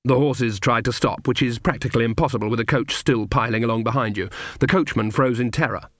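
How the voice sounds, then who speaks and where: A man narrating a comic fantasy audiobook in measured scripted narration. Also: mid-range voice, fairly bright tone, no room sound, clean studio sound.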